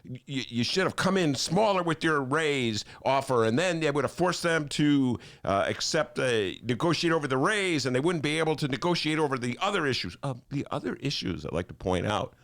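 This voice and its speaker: A man's voice: medium pitch, animated, a little fast, few pauses, a bit bright. An older man from Chicago hosting a talk show, ranting theatrically and laughing as he talks. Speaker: host.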